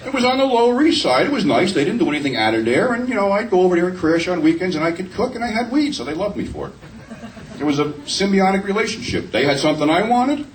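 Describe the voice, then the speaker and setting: A man in his fifties, a panel guest, telling profane, animated anecdotes and acting out the quotes, picked up from a distance with faint noise. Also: sits high, fast. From New Jersey. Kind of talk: casual convention panel storytelling. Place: convention panel room.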